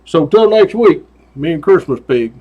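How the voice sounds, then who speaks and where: Man, show host, casual storytelling, profane, folksy, laughs often, slightly high voice. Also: expressive, moderate pace, lo-fi sound.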